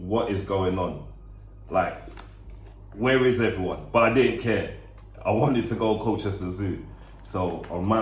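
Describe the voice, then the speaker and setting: Young guy, really deep voice, telling his story slow and halting, echoey room. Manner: earnest, halting retelling with restarts and repeats. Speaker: vlog co-host. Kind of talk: storytime vlog.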